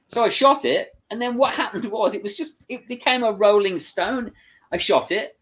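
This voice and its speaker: An English man recounts a long behind-the-scenes story as an interview guest, his voice sitting a little high for a man. He is lively and chatty, and he slips into the voices of the people he quotes. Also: moderate pace. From England. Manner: animated, acts out other people's lines. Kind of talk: casual anecdotal storytelling.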